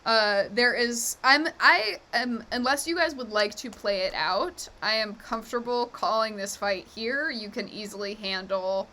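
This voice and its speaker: A woman game master narrating a live tabletop session at a slow, easy pace. Her voice is bright and sits a bit high, and she laughs often and fills pauses with ums. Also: slight background noise. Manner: easygoing, laughs often, many fillers.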